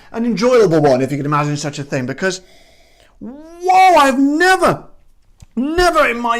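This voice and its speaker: A man's voice: high-pitched, fairly bright tone. A man hosting a casual drink-tasting review, exuberant and exclamatory, rambling through his thoughts with frequent restarts. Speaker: gin reviewer, show host.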